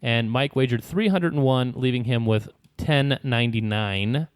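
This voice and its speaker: A man's voice: mid-range voice, normal speed, clean tone, no echo, studio quality. A man hosting a trivia game on a podcast, reading clues aloud and laughing often. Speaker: quiz host.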